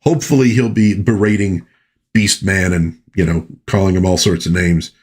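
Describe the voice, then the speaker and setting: Speaking at a normal pace with fairly even intonation, this podcast host has a low, breathy voice. He offers casual pop culture commentary in a rambling, folksy style, tossing in many asides.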